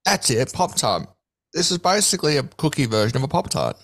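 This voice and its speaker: A man's voice: fairly high pitch, big pitch swings, fairly quick, gravelly, a bit bright. A man in casual chat, tasting snacks with friends and laughing often. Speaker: snack taster.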